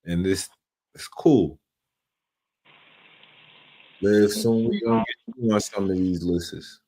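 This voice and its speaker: Male host, very low voice, relaxed and slangy, casual late-night chat. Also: takes it slowly. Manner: laid-back, musing, slangy. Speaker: show host.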